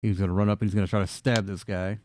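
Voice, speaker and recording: A man's voice: fairly low pitch, little pitch movement, rapid-fire, noisy background. A man running a tabletop game as game master, narrating playfully with laughter and swearing.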